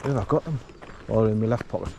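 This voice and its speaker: Low and gravelly with a darkish tone, this man's voice comes quickly as he rambles to viewers during a filmed walk on a rural forest path. Slight background noise is audible.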